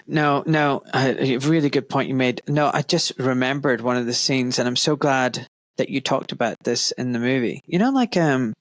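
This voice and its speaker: A British man hosting a podcast in casual interview chat, excitable and stumbling over his words. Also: medium pitch, moderate pace, dry recording. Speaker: podcast host.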